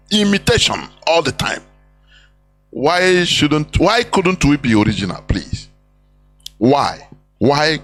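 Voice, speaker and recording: High-voiced Nigerian man exhorting listeners. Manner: preachy, exhorting, repeats phrases, slips into pidgin and Igbo. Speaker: broadcast speaker. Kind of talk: impassioned live broadcast talk.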